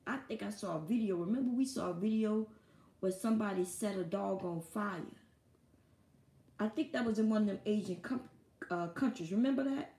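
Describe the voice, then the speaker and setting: A woman from the United States, a live streamer telling a profane, animated story and laughing often, alone in a small room at home. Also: medium pitch, echoey room. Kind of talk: casual storytelling monologue.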